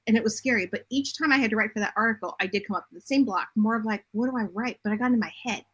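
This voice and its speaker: A middle-aged woman talking as a podcast guest, telling her story in a direct, animated way. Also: medium pitch, very fast, husky. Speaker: podcast guest, bodymind coach and writer. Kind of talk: casual interview chat.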